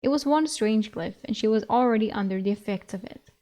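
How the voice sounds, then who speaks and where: A woman streamer reading a novel aloud in a relaxed, conversational way. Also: mid-range voice, a little fast. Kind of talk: casual read-aloud narration.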